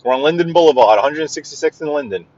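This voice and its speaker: A man's voice: fairly high pitch, lively intonation, quick pace, darkish tone, highs cut off. A man from Brooklyn with a New York accent, chatting casually with livestream viewers while he drives through the city. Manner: chatty, rambling, greets viewers by name. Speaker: livestream driving host. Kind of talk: casual live-stream chat while driving. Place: inside a car in city traffic.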